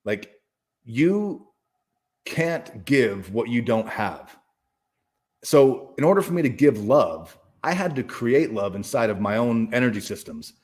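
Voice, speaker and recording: A man's voice: mid-range voice, very animated, slow, darkish tone. A man talking as a guest in an interview, telling a personal story in a casual, profane, emphatic way with many restarts. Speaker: guest speaker and author.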